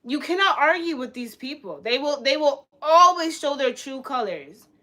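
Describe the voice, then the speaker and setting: A woman's voice: high-pitched, lively intonation, normal speed, sharp tone. A young woman livestreaming, reacting in a heated, profane rant and repeating herself, in casual live-stream talk.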